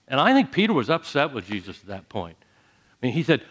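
A man preaching a sermon, dramatic, dropping to soft low phrases and then rising to loud emphatic ones. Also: animated, normal speed. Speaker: pastor.

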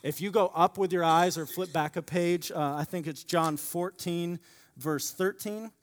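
A man preaching a sermon, repeating key phrases and swinging from loud emphasis to quiet asides. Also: on the high side, unhurried. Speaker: pastor. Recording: long hall reverb.

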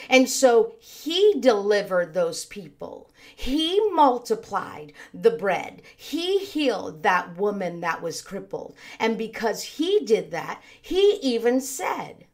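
A woman's voice: fairly high pitch, slow, few pauses. A woman pastor preaching a sermon, reading scripture and acting out the voices of the people in it. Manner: expressive preaching, acts out voices of scripture figures.

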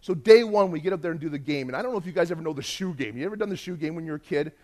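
A man preaching a sermon, telling a lively mission-trip story and acting out the other people's voices. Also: a little high, rapid-fire. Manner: animated, acts out quoted voices, laughs while telling.

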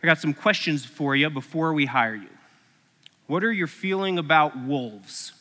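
A preacher voicing a stern shepherd boss. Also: male voice, fairly high pitch, bright, forceful tone. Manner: demanding, quick to scold. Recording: echoey hall.

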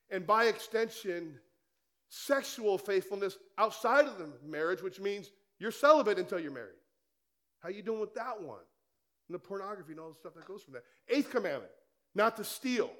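A man's voice: high-pitched, animated, normal speed, fairly bright tone. A male pastor preaching a sermon in a conversational way, firing rhetorical questions at the congregation in church.

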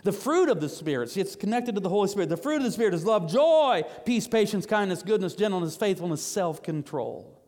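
A man with a notably high voice delivers a sermon with animated, rising emphasis. The long reverb of a church sanctuary trails each line. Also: fairly quick, few pauses. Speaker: pastor.

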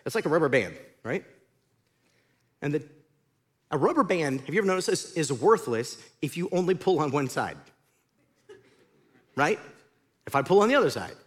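A man preaching a sermon as pastor, in an animated, conversational storytelling way. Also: high voice.

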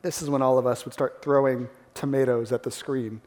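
A male pastor preaching a sermon, animated, acting out the crowd's gasps and the characters' lines. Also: mid-range voice, brisk. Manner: animated, acts out gasps and quotes. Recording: long hall reverb.

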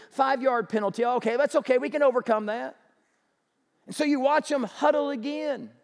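Pastor guy preaching, high voice, big echoey church hall, gets animated. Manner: animated, acts out excited fans. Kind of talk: sermon. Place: church sanctuary. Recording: long church reverb.

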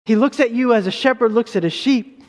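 A man's voice: very high-pitched, a little fast, big-room sound. A man preaching a sermon as a pastor, earnest, with rising emphasis and frequent restarts.

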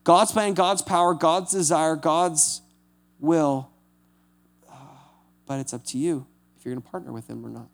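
A male pastor giving a conversational sermon. He makes casual asides like "right?" and acts out scripture quotes in lively voices. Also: a little high, unhurried, vocal fry, long pauses.

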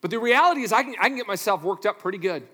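A man preaching a sermon as a pastor, animated and playful, swinging from loud to hushed with self-deprecating asides. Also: high voice, very fast. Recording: reverberant hall.

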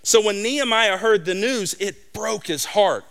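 Middle-aged male pastor, high bright voice, animated storyteller. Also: a little slow, creaky, smooth. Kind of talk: sermon.

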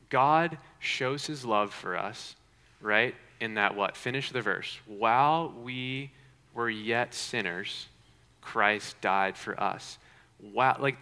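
Earnest preacher in a reverberant hall. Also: male voice, mid-range voice. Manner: earnest preaching, rhetorical questions, soft dramatic pauses. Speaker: pastor. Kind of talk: sermon.

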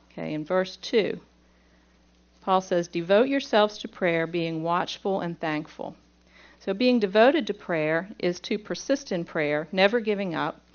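A woman's voice: fairly low pitch, muffled recording. A woman from Pittsburgh teaching a Bible lesson, reading scripture aloud and then explaining it plainly point by point.

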